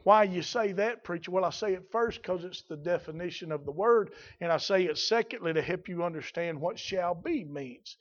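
A male preacher with a high voice delivers a sermon, shifting from calm, quiet explanation to loud, slow, shouted passages. The recording sounds muffled and dull. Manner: swings from quiet teaching to shouted, drawn-out exclamations.

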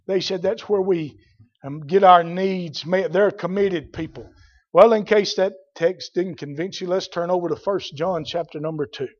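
A man preaching a sermon, building from plain talk to shouted fervor in folksy dialect. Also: sits high, normal speed, highs cut off. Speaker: pastor.

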